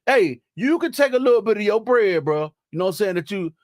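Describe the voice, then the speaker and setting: A man's voice: high-pitched, animated, a little fast, no room sound, studio quality. A young man chatting casually on a live stream, laughing and teasing in slangy talk.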